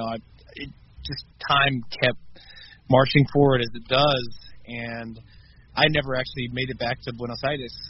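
A man of medium pitch talks as a musician on a radio interview. He is reflective and soft-spoken, often hesitating mid-thought. The sound is a bit muffled, with faint background noise. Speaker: musician guest. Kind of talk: casual interview.

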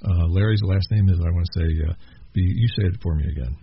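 A man hosting a radio interview show, talking in a relaxed, rambling way with fillers. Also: low-pitched, fast talker. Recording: dull lo-fi with faint noise.

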